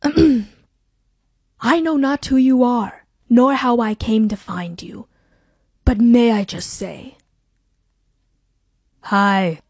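A woman's voice: a little high, extremely slow, pauses often, darkish tone, breathy edge, no echo, heavily acted. Swaggering young male rogue, woman performer, dry close sound. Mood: smug. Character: cocky charming young male thief.

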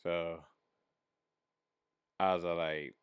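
Man, streamer host, from Michigan, low smooth voice, dry close sound, casual profane storytelling. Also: flat delivery, extremely slow, no echo. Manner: profane, laid-back, repeats himself while telling a story.

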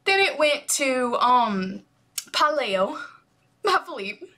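A woman hosting a music reaction video, gushing and animated, breaking into squeals and whispers while wearing headphones. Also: high-pitched, takes it slowly. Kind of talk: excited music reaction chat.

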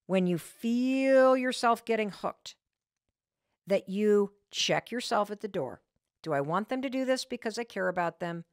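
Lively, animated woman podcast host. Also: medium pitch, dry recording, clean studio sound. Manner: animated storytelling with frank candor. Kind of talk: motivational podcast talk.

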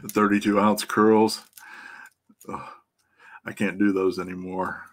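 The EFI tuner, a middle-aged man with a Midwestern American accent, greets viewers by name on his casual live stream, laughing frequently and swearing freely. His voice sits on the low side with a bright, forceful tone.

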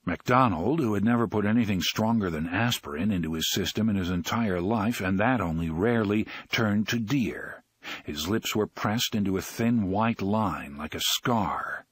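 Husky-voiced man reading an audiobook. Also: fairly low pitch, normal speed, dry recording, studio quality. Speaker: audiobook narrator. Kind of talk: audiobook narration.

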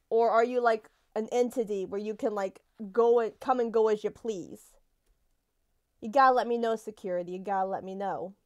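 A woman's voice: fairly high pitch, a little mellow, clean tone. A woman giving live gameplay commentary. She is jumpy, swears a lot and talks back to the game characters. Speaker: let's play gamer.

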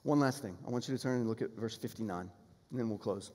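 A pastor preaching a sermon, earnest and emphatic, building toward appeals and repeating key phrases. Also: male voice, fairly low pitch, fast talker, darkish tone. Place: church sanctuary. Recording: long hall reverb in a church sanctuary.

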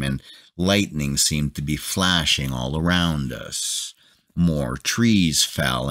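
A man calmly narrating a novella as a bedtime audiobook reading. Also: a bass voice. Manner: calm, measured.

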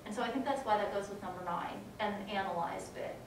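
A woman teaching a music education class in a casual, animated way, now and then singing short rhymes. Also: mid-range voice, quick pace, slight background noise. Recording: echoey room, mic from a distance.

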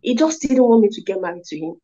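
A woman's voice: on the high side, fast. Woman telling her story. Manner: animated storytelling, acts out quoted voices. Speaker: interview guest. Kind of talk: testimony interview. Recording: dull lo-fi audio.

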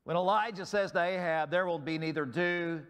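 Emphatic preaching pastor, going hoarse. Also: male voice, high-pitched, moderate pace, fairly bright tone. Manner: emphatic preaching, rising sharply on key words. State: losing his voice. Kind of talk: sermon. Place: church.

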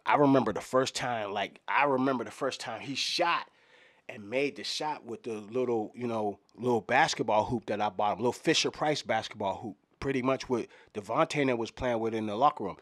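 A man's voice: mid-range voice, no echo. A middle-aged man rambles through a mock press conference, wandering from one aside to the next and leaning on "you know what I'm saying." His voice sits in an ordinary middle range. The sound is dry and close, with no room around it. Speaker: comedian doing a mock fan press conference. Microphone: microphones in front of him at a podium.

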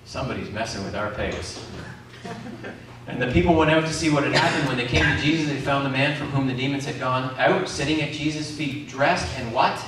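A man's voice: medium pitch, steady tone, a little fast, few pauses, noisy background. A man preaching a sermon, calling out questions to the congregation. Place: community centre hall. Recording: echoey hall from far off.

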